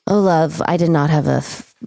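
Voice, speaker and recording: A woman's voice: sits low, moderate pace, vocal fry, dark tone, no room sound, studio quality. A woman from Canada co-hosting a podcast, joking dryly in casual chat. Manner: wry, joking. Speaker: podcast co-host.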